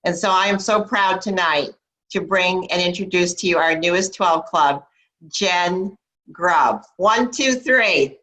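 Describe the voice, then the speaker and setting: Bright woman hosting a team video call. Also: lowish voice, slow, low-quality recording. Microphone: computer mic on video call.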